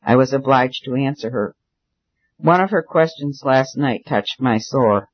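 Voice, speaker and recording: A man's voice: mid-range voice, unhurried, lightly acted. A man reading as a guilt-stricken rich landlord. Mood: anguished. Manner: anxious confessional pleading. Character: wealthy agitated male landlord, guilt-stricken. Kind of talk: audiobook character reading. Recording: dull dry recording.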